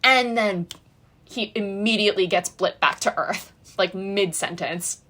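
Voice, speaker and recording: A woman's voice: medium pitch, a little slow, fairly bright tone. A young woman recapping a TV season in a casual, sarcastic, rambling way, full of "like" and "girl". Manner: chatty and sarcastic, heavy use of "like" and "girl". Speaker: recap video host.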